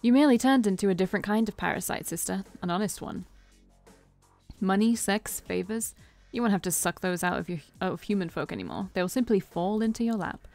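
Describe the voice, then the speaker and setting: A woman's voice: medium pitch, a little mellow, faint music behind, natural voice. Marcus, a woman reading as a smug male vampire. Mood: knowing. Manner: slow, emphatic, knowing.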